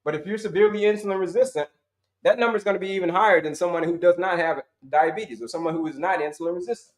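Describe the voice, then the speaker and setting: Animated male health coach, echoey room. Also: sits high, racing. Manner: animated, repetitive, addresses viewers as folks and y'all. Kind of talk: live-stream teaching talk. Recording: roomy echoey sound.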